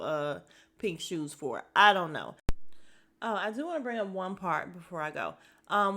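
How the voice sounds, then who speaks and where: A woman's voice: medium pitch, a bit bright. A woman hosting a podcast, recapping in a casual, blunt and opinionated way, swearing freely, with lots of fillers and asides. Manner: chatty with frequent fillers and asides. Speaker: podcast host reviewing a reality dating show.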